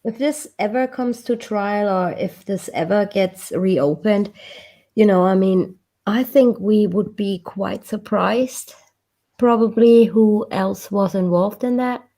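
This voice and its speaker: A middle-aged woman in a true crime chat who talks haltingly and repeats words, with many "you know"s. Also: mid-range voice, warm tone. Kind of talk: casual chat.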